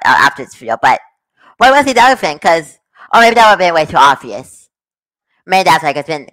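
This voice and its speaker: A man hosting a reaction video, rambling excitedly and laughing often. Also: a little high, no echo, low-quality recording. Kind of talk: casual reaction commentary.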